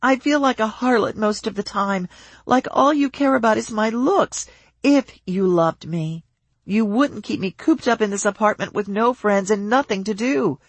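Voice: mid-range voice, expressive, normal speed, husky, no room sound. A narrator voicing an upset young wife whose voice rises in hurt, pleading outbursts. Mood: tearful anger. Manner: rising, pleading, tearful outbursts.

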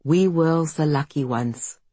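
A woman's voice: deep voice, takes it slowly, dark tone, husky, dry recording, full character voice. A woman narrator voicing an older, reserved French woman with a thick French accent and a sober tone.

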